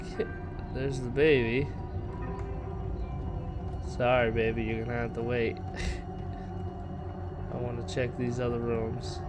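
Taking it slowly with long pauses, a man hosts a casual game walkthrough, his medium-pitched voice breaking into jumpy, startled outbursts and mild curses of surprise. Music plays in the background.

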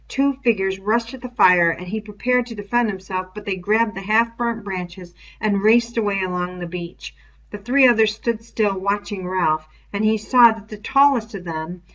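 A woman reads a chapter of a novel aloud in an even, measured voice. Her tone is bright and clear-edged. She sounds set back from the mic, in a dull, lo-fi recording. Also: mid-range voice, distant mic. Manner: steady, measured storytelling. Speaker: reader.

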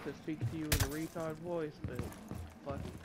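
Laid-back low-voiced woman, noisy background. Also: flat delivery, normal speed. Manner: laid-back, laughing, teasing. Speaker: gamer. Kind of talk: casual game chat with friends.

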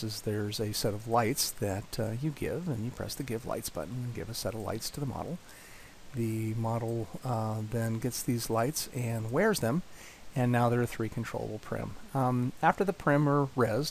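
A man explaining a software demo in a casual walkthrough, with frequent fillers and restarts. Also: mid-range voice, normal speed, slight background noise. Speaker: product demonstrator.

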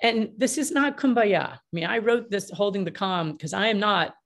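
A middle-aged woman, a mediator answering interview questions in an energetic, emphatic way and acting out the dialogue she quotes. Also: medium pitch, moderate pace. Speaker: mediator and author.

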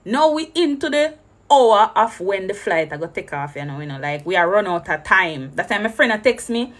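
A woman's voice: medium pitch, big pitch swings, normal speed, a bit bright. A young woman with a Jamaican accent telling a travel story, switching between English and patois and acting out every exchange. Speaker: travel vlogger. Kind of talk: animated storytelling.

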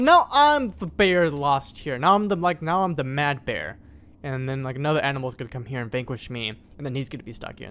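A man hosting his gaming channel, giving excitable, rambling and playfully dramatic commentary while he plays. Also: medium pitch. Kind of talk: gameplay commentary.

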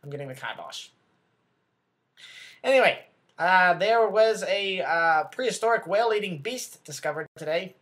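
Comedy sketch: a man as a self-important, bumbling male news anchor, voice on the high side, rambling and flustered. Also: expressive, measured pace, fairly bright tone. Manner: rambling, flustered, corrects himself, talks back off-camera.

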